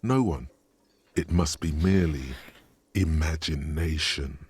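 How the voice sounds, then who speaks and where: A man's voice: rumbling low, unhurried, exaggerated voice. A man voicing the wry, sardonic inner voice of a detective's mind in a game dub. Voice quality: gravelly. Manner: dry, sardonic commentary.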